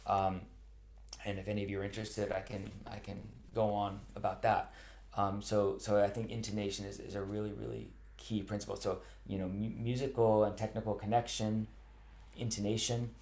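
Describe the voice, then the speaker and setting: A man with a low, gravelly voice answers questions from viewers about practice, talking in an earnest, thoughtful way with frequent ums and restarts. He sounds like a cello teacher on a live online chat. The sound carries a roomy echo, as if he is picked up by a computer mic at home. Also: darkish tone.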